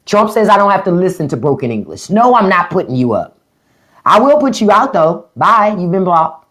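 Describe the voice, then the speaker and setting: Livestream host, unfiltered rant, profane, mocking, very lively pitch. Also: moderate pace. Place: livestream at home.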